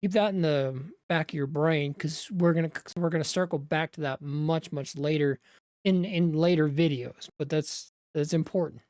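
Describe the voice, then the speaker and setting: A woman's voice: low-pitched, moderate pace, darkish tone, no echo, studio quality. A woman, a Bible teacher, retelling scripture in a conversational way, with asides to the viewer.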